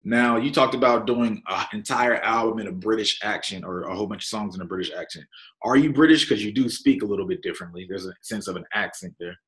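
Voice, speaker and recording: A man hosting a casual interview, talking in a relaxed, conversational way and laughing easily. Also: lowish voice, fast. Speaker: interviewer, podcast host.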